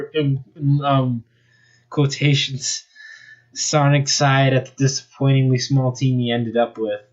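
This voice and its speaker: A man's voice: mid-range voice, unhurried, highs cut off. A young man casually reading a fan story aloud, chatty and joking about the text. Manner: chatty, laughs at the text, off-script asides. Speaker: amateur story reader.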